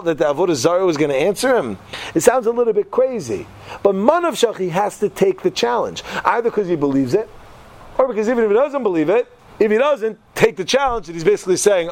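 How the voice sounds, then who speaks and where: A man in his thirties teaching a class, telling the story with animated, slangy energy. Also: high voice. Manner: animated, slangy, acts out voices. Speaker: Torah teacher.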